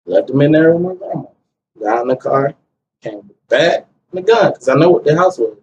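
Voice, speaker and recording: A man's voice: fairly high pitch, lively intonation, moderate pace, a little mellow, dull audio. Man telling a story, raised voice in quotes. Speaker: guest telling his story. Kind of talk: casual conversation. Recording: distant mic with faint ambient noise.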